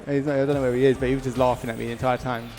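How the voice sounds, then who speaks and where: A man's voice: mid-range voice, flat delivery, rapid-fire, music in the background. A man with a British accent doing casual, chatty fighting game commentary, upbeat and full of slang fillers. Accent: British English. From Britain. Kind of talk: casual live tournament commentary.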